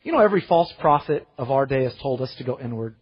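A pastor preaching a sermon, reading scripture aloud with strong emphasis and rising, ringing phrases. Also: male voice, medium pitch, expressive, quick pace, slightly rough. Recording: muffled sermon audio with long hall reverb.

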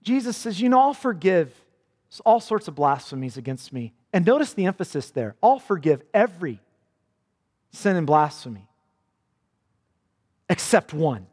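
A man's voice: high-pitched, very animated, normal speed, long pauses, a little mellow, big-room sound. A male pastor preaching a sermon with earnest emphasis, quoting scripture dramatically.

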